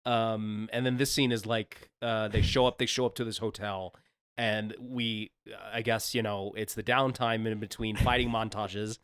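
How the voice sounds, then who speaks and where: A man co-hosting a casual movie review podcast, relaxed and a little hesitant, with dry humor. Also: fairly low pitch, moderate pace, clean tone, no room sound. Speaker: podcast co-host.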